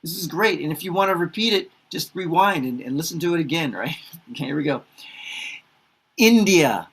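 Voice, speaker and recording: A man's voice: on the high side, fast talker, vocal fry, fairly bright tone, breathy edge. A man teaching pronunciation in a casual lesson, saying each word two or three times with chatty asides and laughing at his own slips. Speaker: English teacher.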